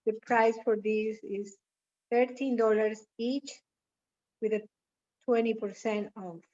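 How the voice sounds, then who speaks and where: A woman with a non-native English accent presents her jewelry, speaking very slowly and hesitantly. Her voice sits a bit high. The sound is dull and lo-fi, like a video call. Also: steady tone, mellow. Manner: careful and hesitant, halting phrasing. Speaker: guest jewelry artist. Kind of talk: product presentation.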